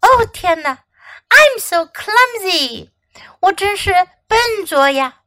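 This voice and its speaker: Woman doing a squeaky flustered storybook girl. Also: expressive, unhurried, bright, forceful tone, heavily acted. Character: bright excitable young girl animal. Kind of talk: children's storybook reading.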